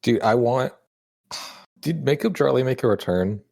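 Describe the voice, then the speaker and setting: A man in a casual podcast chat, animated and swearing casually. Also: mid-range voice, measured pace, creaky, no room sound. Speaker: podcast co-host.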